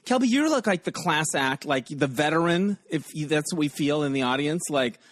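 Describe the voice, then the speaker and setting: A man's voice: on the high side, animated, normal speed, a bit bright, dry recording. A man hosting a podcast in a casual, rambling chat, often laughing as he talks. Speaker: podcast host.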